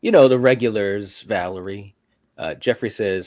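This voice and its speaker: A man's voice: lowish voice, normal speed, a little mellow, dry recording. A man co-hosting a casual live horror talk stream, reading out chat comments in an upbeat way.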